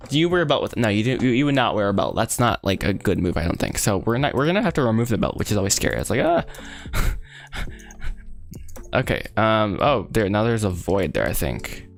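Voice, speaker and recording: A man's voice: lowish voice, sing-song, brisk, faint music behind. A young man rambling casually and laughing often while he works on a 3D model and chats with viewers. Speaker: 3D artist streaming his work. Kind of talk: casual live chat while working.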